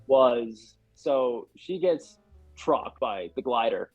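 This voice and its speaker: A young man talks in a loose, rambling way, stacking up filler words as he chats. His voice is somewhat husky and sounds dull and dry, as if recorded on a basic mic with no room around it. Faint music sits in the background. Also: mid-range voice, lively intonation, slow, no room sound. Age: young adult. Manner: rambling, hedging with many "like"s. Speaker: podcast guest. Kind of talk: casual chat.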